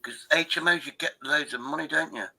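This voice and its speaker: A man's voice: fairly high pitch, fairly quick, creaky, bright, forceful tone, rough recording. A man, hosting a livestream and telling rambling, sweary stories over a video call. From Derbyshire, England. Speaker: livestream host. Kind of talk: casual chat.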